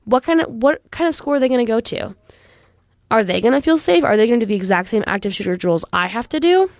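A woman's voice: fairly high pitch, lively intonation, fast talker, no room sound, studio quality. A young woman in her late teens hosting a youth radio show, talking in an earnest, frustrated, impassioned way and saying "like" often. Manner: frustrated, earnest, heavy use of "like". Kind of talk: impassioned personal commentary.

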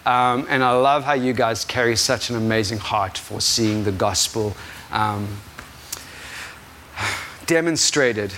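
A man's voice: mid-range voice, slow, long pauses, bright, forceful tone, a little hiss or hum. A young adult man with a South African accent preaching an informal sermon, rambling and self-deprecating, laughing at himself often. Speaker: guest preacher.

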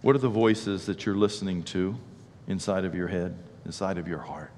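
Impassioned preacher in a reverberant hall. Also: male voice, low voice, normal speed, slight background noise. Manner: swings from quiet to loud, impassioned repetition. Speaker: pastor. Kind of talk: sermon.

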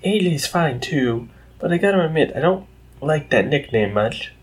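A man's voice: fairly high pitch, animated, moderate pace, voice pushed up, close to an everyday voice. A man voicing a friendly, polite female farm pony who talks in a country drawl.

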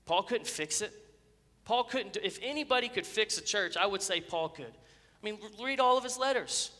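A man's voice: sits high, expressive, normal speed, pushed and bright. A man, a pastor preaching an earnest, passionate sermon with emphatic builds. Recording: echoey church sanctuary.

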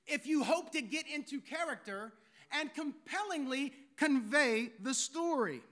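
A male pastor with a very high, bright voice delivers a sermon. His delivery is theatrical, shaped by years in show business. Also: lively intonation, measured pace. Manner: theatrical, former stage performer.

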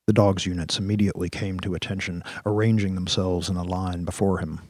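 A man narrating an audio drama in a steady storytelling manner. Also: sits low, a little fast, no echo, clean studio sound.

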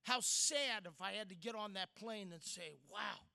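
A middle-aged man giving a sermon, telling a personal story with dramatic pauses and swings from loud to hushed. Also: high-pitched, very animated, creaky. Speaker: speaker.

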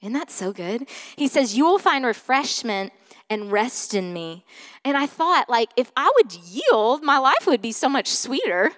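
A woman's voice: on the high side, very animated, measured pace, in a large hall. A woman pastor preaching a sermon in a chatty storytelling way, full of fillers, dropping to whispered asides now and then. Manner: conversational storytelling with many fillers; swings from loud to soft whispered asides.

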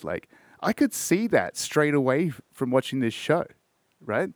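Podcast host, man, mid-pitched, loose rambling delivery with lots of swearing, dry close mic. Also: big pitch swings, normal speed, no room sound. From Australia. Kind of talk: casual music podcast chat.

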